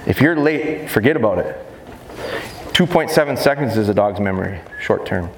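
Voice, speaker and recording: A man, a dog trainer, giving a lively live seminar talk to an audience in a large expo hall, often joking. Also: moderate pace. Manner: lively, jokey, acts out high baby-talk voices to dogs. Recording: echoey hall with faint noise.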